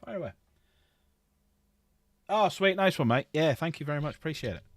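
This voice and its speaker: A man's voice: fairly high pitch, expressive, normal speed, dry recording. A middle-aged man rambling casually while he paints models on a livestream, swearing freely.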